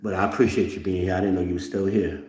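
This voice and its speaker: A man's voice: low voice, flat delivery, quick pace, a little mellow, echoey room, a little hiss or hum. Blunt, profane middle-aged man ranting. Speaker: host. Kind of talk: ranting commentary.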